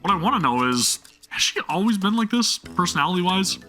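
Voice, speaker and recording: Lively man reading a game story aloud. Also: sits high, a little fast, soft background music. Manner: chatty, self-deprecating asides to viewers. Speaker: gameplay streamer.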